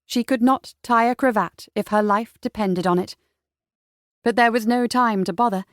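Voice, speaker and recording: A woman narrating a romance audiobook in a measured storytelling manner. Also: fairly high pitch, no echo, studio quality. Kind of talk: scripted narration.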